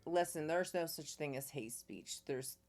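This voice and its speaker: A man's voice: a little high, unhurried. An American man co-hosting a music reaction video, arguing his opinions in casual chat. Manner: opinionated, argumentative.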